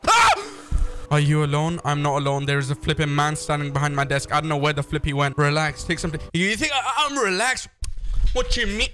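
A man doing excitable, joking let's-play commentary on a horror game from his bedroom gaming setup. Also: fairly high pitch, fairly quick, a little hiss or hum. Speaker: gaming YouTuber.

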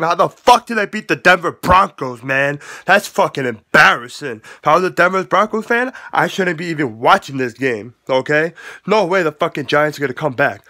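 Guy with a high bright voice ranting and cussing at rival fans, cracking up laughing, talking to his camera at home. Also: animated, moderate pace. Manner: profane, mocking, laughing loudly. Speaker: vlogger. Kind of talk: mocking sports rant. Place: at home with the game on TV. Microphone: facing the camera.

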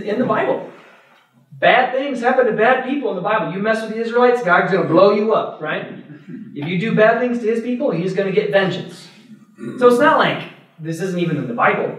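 Higher-voiced priest in a very echoey room. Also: male voice, fairly bright tone. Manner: conversational, checks in with "right?" and "okay?"; acts out other people's thoughts in little voices. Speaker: Catholic priest teaching adults. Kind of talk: parish adult-formation talk. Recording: very echoey room, mic far off.

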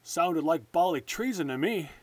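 Man voicing a gruff, greedy lord. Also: on the high side, big pitch swings, moderate pace, no room sound. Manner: gruff, grumbling. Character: greedy, blustering male lord.

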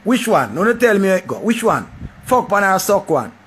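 Animated Jamaican man commenting. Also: high-pitched, normal speed, slight background noise. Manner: animated, repetitive, profane. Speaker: vlogger. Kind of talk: casual commentary.

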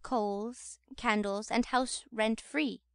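A woman reading an audiobook, lowering her voice to play a pompous, amorous middle-aged parish beadle who speaks slowly and unctuously. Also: fairly even intonation, clean tone, no echo, clean studio sound.

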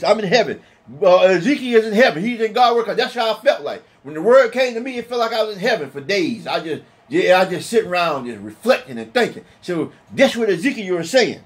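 A man teaching from the Bible in an emphatic, colloquial sermon, slowing down to read scripture. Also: high voice, very animated, husky. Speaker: preacher.

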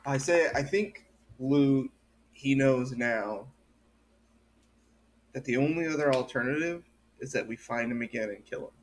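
A man's voice: mid-range voice, measured pace, long pauses. A man playing a tabletop role-playing game, talking it through in a casual, deliberating way. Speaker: player. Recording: noisy mic with clicks.

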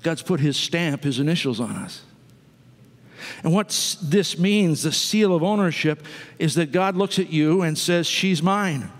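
In a church sanctuary full of long reverb, a male pastor delivers a conversational sermon, tossing asides to those in the pews. His voice sits fairly high and is expressive, moving at a measured pace.

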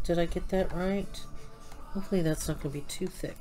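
A woman's voice: lowish voice, brisk, faint music behind, rough recording. A woman chatting casually as she works at her craft desk at home, thinking aloud as she goes. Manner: hums and sings softly to herself.

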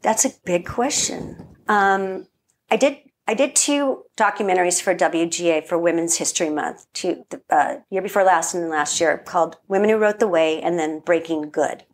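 A woman guest in a casual interview, a lively storyteller who acts out quotes and laughs often. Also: lowish voice, moderate pace, slight background noise.

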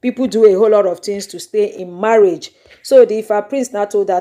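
A little fast and at medium pitch, the young Nigerian-accented YouTube host tells gossip as an animated story with dramatic exclamations, speaking into a microphone.

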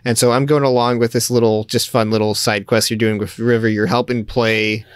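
A man's voice: medium pitch, little pitch movement, brisk, clean tone, no echo, clean studio sound. A man hosting a casual gaming podcast, chatting in a rambling way with frequent fillers. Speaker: podcast host.

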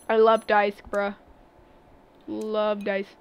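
A woman's voice: fairly high pitch, lively intonation, slow, clear, resonant tone. A young woman streaming a game live, chatting playfully with her viewers while she plays. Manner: playful, chatty, talks to chat. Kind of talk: live gameplay commentary.

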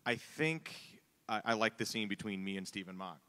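A man's voice: lowish voice, lively intonation, normal speed, sharp tone. A man in his forties, an actor on a convention panel, chatting enthusiastically about favorite scenes. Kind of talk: casual panel chat.

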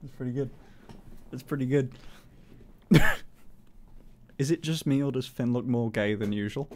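A British man in a casual live-stream chat, talking in an animated way, swearing a lot and laughing often. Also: mid-range voice, normal speed.

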